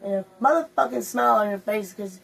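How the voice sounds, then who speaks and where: A woman's voice: medium pitch, fairly quick, vocal fry, rough recording. A woman hosting a casual story time, telling crude, rambling stories among friends. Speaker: host.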